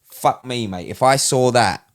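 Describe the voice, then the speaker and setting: Bloke cohosting a podcast, swears loads, gets worked up. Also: male voice, medium pitch, a little slow. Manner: animated, heavy swearing. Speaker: podcast co-host. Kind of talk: casual chat.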